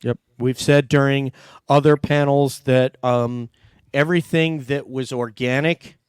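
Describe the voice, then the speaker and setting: Smooth-voiced male livestream host. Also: mid-range voice, steady tone, measured pace, no room sound, studio quality. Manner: chatty, jokey, thanks viewers warmly. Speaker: host reading super chats. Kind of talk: casual livestream chat.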